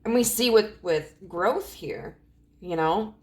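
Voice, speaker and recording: A woman in her thirties gives a casual tarot reading, rambling with many fillers and often clearing her throat as her voice cracks. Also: mid-range voice, slow pace. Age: 30s. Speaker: tarot reader.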